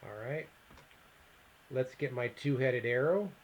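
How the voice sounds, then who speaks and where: A man teaching a software lesson on a screen recording. He thinks aloud, reads out the steps and mutters asides to himself as he clicks through them. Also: mid-range voice, slow pace, dull audio, slight background noise. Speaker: instructor.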